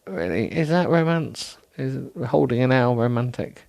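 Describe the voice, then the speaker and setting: A man's voice: mid-range voice, normal speed, gravelly, hardly any pauses, darkish tone, no room sound. A man hosting a solo podcast, rambling in a self-deprecating way with many ums and restarts, sounding tired. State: tired, yawning. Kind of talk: rambling casual monologue.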